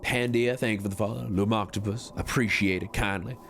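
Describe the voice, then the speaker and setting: A man's voice: on the low side, steady tone, a bit bright, slight background noise. A man doing a drawling con-man cowboy. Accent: put-on Southern drawl. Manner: folksy, drawn-out, courteous sayings. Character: smooth-talking male con man posing as a Southern cowboy. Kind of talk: streamed game role-play.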